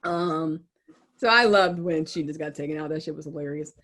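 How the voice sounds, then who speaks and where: A woman's voice: sits low, moderate pace, a bit bright. A woman co-hosting a podcast, chatting casually and bluntly about a TV show, with plenty of swearing and laughing asides. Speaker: podcast co-host.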